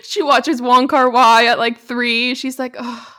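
A woman's voice: a little high, fairly even intonation, measured pace, bright, forceful tone, clear, resonant tone. A young woman guest on a film podcast, playful and jokey, laughing often. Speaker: podcast guest, staff writer. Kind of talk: casual film podcast chat.

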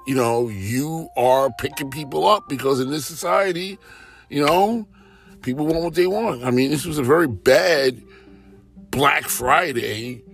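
A man's voice: mid-range voice, gravelly. A man in a casual, rambling monologue, animatedly telling everyday stories and acting out what others said. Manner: animated, rambling, acts out quotes. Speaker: storyteller.

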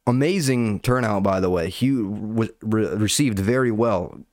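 A man's voice: fairly low pitch, a little slow, darkish tone, no echo, studio quality. A young man ranting casually and sarcastically, swearing a lot and calling everyone "dude.". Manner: sarcastic, profane, says "dude" constantly. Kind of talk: casual comedic rant.

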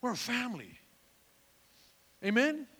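A man's voice: extremely high pitch, very animated, measured pace, long reverb tail, background noise. A male pastor preaching a fervent sermon, calling out to his congregation for responses. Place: church.

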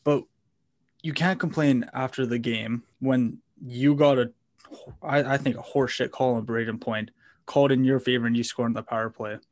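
Flat-toned man in casual sports talk. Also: medium pitch, normal speed.

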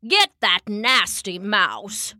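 Woman acting out a grumpy old man, gruff, short-tempered, storybook, dry close sound. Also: mid-range voice, sing-song, drawn-out words, no echo, heavily acted. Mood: coaxing. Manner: gruff, shouting, muttering. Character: grumpy old man, a hunter easily angered.

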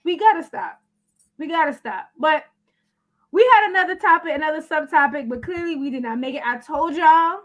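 A woman's voice: high-pitched, animated, a little fast, a bit bright, dull audio. A woman hosting a podcast in upbeat casual chat, steering the talk and wrapping up. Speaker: podcast host.

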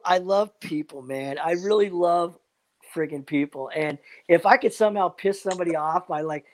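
A man's voice: on the high side, normal speed. A man chatting casually, rambling and upbeat, full of fillers and motivational asides. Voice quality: rambling, repeats "man" and "you know what". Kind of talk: casual chat.

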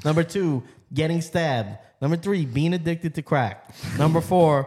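A man's voice: on the high side, animated, a little slow, a little mellow. A man with a slightly raised voice co-hosting a loose podcast. He is blunt and swears in jest. He reads his picks in a clipped, matter-of-fact way. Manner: blunt, swears jokingly, defensive about his accent. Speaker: podcast co-host. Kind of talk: casual podcast banter.

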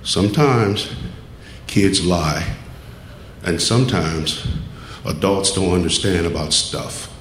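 A man voicing a soft-spoken, sly store owner who talks low and coaxing to children. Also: takes it slowly, pauses often, a little hiss or hum. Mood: hushed. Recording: echoey room with faint ambience.

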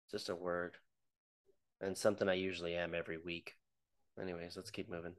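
A man co-hosting a casual podcast, laid-back and deadpan, swearing freely. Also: low-pitched, fairly quick, no room sound, clean studio sound. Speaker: podcast co-host. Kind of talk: casual chat.

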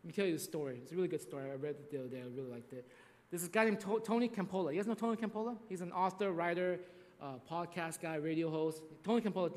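High-voiced man preaching in an echoing hall. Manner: conversational, repeats "right?", restarts often. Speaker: pastor. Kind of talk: sermon storytelling.

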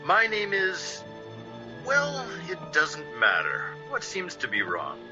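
An actor playing a suave, mysterious male intruder in an old-time radio drama, smooth and quietly mocking. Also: fairly high pitch, wildly swooping pitch, takes it slowly, over music, exaggerated voice. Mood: calm, teasing. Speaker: uninvited visitor. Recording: dull lo-fi old radio broadcast.

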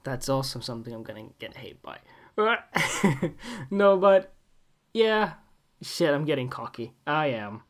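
A man's voice: mid-range voice, very animated, a little slow. A Swedish-born man hosting his own podcast alone, rambling casually with jokey, self-mocking asides. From Sweden. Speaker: podcast host. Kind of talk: casual solo podcast monologue.

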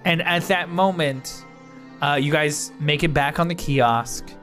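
A man's voice: fairly high pitch, measured pace, a bit bright, soft background music. A man running a tabletop game as game master, narrating and laughing often. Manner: laughs often, voices characters loosely.

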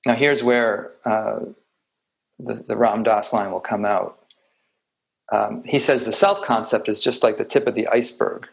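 A man giving a reflective meditation talk with light humor, often pausing and restarting his sentences. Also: fairly low pitch, vocal fry, poor audio. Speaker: meditation teacher.

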